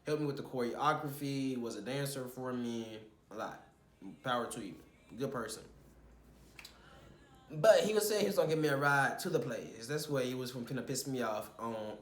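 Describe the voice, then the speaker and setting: A man's voice: medium pitch, moderate pace. Rambling young man in an echoey room. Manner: rambling, animated, swears when retelling frustrations. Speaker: vlogger recounting a shoot. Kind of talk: casual storytelling vlog.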